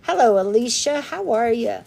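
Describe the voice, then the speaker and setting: A woman's voice: on the high side, animated, normal speed, creaky, mellow. A woman hosting a craft livestream in casual, rambling chat, greeting viewers by name and laughing often.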